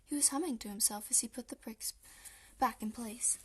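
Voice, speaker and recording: A woman narrating a children's storybook in a lively, expressive reading. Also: fairly high pitch, moderate pace, breathy edge. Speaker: audiobook reader.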